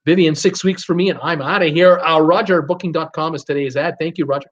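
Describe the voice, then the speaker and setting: A man's voice: a little high, fairly even intonation, fast. A middle-aged man hosting a casual live show, talking with lots of fillers and reading viewer comments aloud. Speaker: host of a live cruise show. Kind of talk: casual live-stream chat. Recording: dull lo-fi stream audio.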